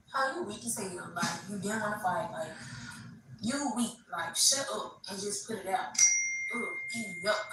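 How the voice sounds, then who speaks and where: A woman hosting a livestream, casually telling a story to her viewers in an animated, slangy way. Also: medium pitch, moderate pace, recorded from a distance, noisy background. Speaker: livestream host. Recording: echoey room, away from the mic.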